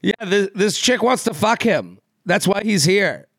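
This co-host sounds very animated yet keeps a measured pace, his high voice fairly bright with a breathy edge, in a studio-quality recording free of room sound. The casual chat rambles with frequent fillers, restarts, and laughs.

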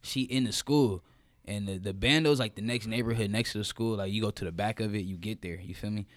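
A young man telling a story in casual chat, animated and slangy, cursing freely. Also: on the low side, fairly quick, dry recording, clean studio sound.

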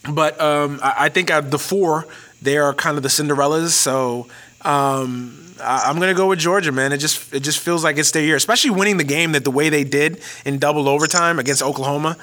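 A man hosting a sports podcast speaks fairly quickly in a slightly high, bright, forceful voice. He rants casually, cursing a lot and stuttering into frequent restarts.

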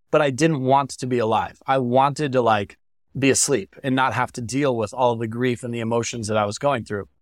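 A man's voice: medium pitch, no echo. Young guy on a podcast, earnest and heartfelt, talking plainly, dry close sound. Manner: earnest, heartfelt, emotional at times. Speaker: guest speaker. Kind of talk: candid interview storytelling.

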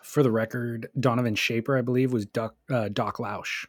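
Male co-host, mid pitch, dry booth sound, skeptical, easygoing agreement. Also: fairly even intonation, moderate pace, husky, no echo. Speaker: podcast co-host. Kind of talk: casual chat.

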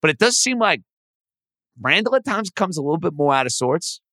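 Male podcast host, emphatic, bright forceful voice, dry close sound. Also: a little high, sing-song, brisk, no room sound. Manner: emphatic, opinionated, conversational. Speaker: sports talk host. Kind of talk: sports talk podcast.

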